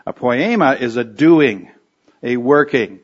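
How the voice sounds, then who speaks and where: A man's voice: mid-range voice, expressive, slow, breathy edge. A man giving a conversational expository sermon, thinking aloud with restarts and fillers as he explains a verse. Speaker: preacher. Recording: dull lo-fi recording.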